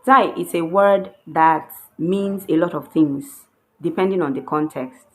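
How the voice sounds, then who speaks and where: A woman teaching Chinese grammar patiently, repeating each point with slow worked examples. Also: sits low. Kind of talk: explaining grammar.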